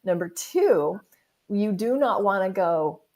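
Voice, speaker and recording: A woman author and business mentor, a guest on a video call from a closed office, talking in an animated way and acting out inner voices in little quoted asides. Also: mid-range voice, takes it slowly. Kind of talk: animated interview talk. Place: home office with the door closed.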